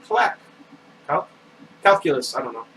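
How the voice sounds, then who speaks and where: A man's voice: mid-range voice, expressive, a little slow, a bit bright. A man reading a book aloud, voicing a babbling baby girl who blurts goofy nonsense words. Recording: distant mic with air conditioner hum.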